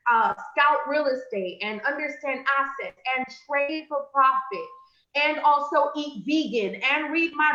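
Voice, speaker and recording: A woman with a fairly high, bright and forceful voice coaches her listeners through an earnest pep talk. She leans hard on emphasis, then drops low to confide. The call audio is echoey and a little dull. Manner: earnest and encouraging, addresses listeners as friend; swings from loud emphatic bursts to low confiding tones. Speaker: motivational speaker, business coach.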